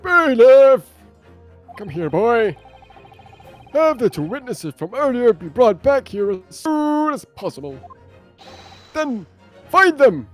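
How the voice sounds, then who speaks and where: A pompous old judge, voiced by a player reading game dialogue, barking orders with lively, swinging pitch. He sounds self-important and impatient. Soft music runs underneath. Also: slow pace, long pauses. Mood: blustering. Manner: blustering, bossy commands. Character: pompous elderly male judge.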